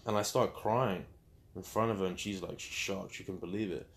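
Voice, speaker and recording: A man's voice: low-pitched, steady tone, moderate pace. A young man speaking candidly as an interview guest, telling his story openly and acting out quotes with animation.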